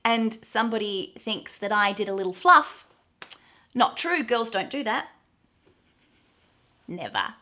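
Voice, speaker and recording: Aussie woman hosting a slang explainer, unhurried, laughs at herself, casual to camera. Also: mid-range voice, expressive, sharp tone. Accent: Australian. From Australia. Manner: chatty, giggly, self-deprecating. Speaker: YouTube host teaching Australian slang.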